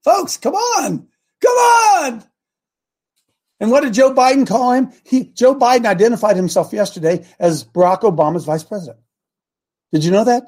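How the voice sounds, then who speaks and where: A man hosting a call-in show, his voice sitting notably high. He fires off fervent, preacherly exclamations and rallying calls to his callers. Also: a little fast, a little mellow. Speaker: host of call-in prayer show.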